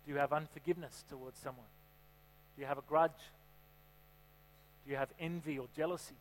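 A man's voice: a little high, steady tone, brisk. A man preaching a sermon in a church, chatty and joking, often asking the congregation questions. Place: church hall. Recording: reverberant hall with mains hum.

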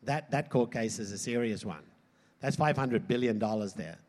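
Animated preacher man in a reverberant hall. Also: normal speed. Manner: animated, swings from loud emphasis to low asides. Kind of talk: sermon.

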